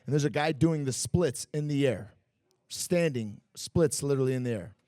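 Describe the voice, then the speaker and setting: In a laid-back podcast chat set at a bar and grill, a Muay Thai fighter spins animated, foul-mouthed stories loaded with filler words. His male voice sits in the mid range and moves at a moderate pace. There's no room sound, and the audio is studio quality.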